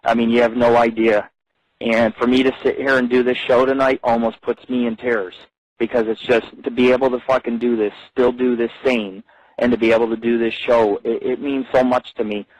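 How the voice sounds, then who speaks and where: A man hosting his own radio show from the street, talking in a profane, rambling monologue and jumping up in pitch when he gets worked up. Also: normal speed, no room sound, low-quality recording. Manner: profane, animated, voice jumps high when agitated. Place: outdoors on a street.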